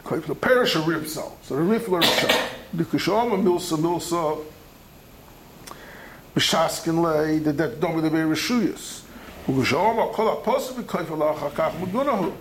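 A man's voice: a little high, normal speed, a little hiss or hum, poor audio. A man giving a Talmud study lecture, talking animatedly and conversationally as the teacher. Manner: animated, conversational, acts out the texts he quotes.

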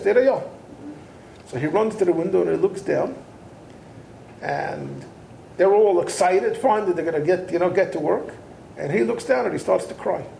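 Man, rabbi teaching a Torah class, mellow, lively swinging pitch, digressive storyteller. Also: gravelly, slight background noise. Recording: roomy echo.

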